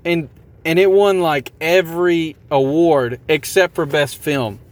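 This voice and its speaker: A man's voice: fairly high pitch, fairly even intonation, a little slow, no echo. Rambling motivational podcast man. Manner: rambling, self-deprecating, repeats catchphrases. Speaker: podcast host. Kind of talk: casual motivational monologue.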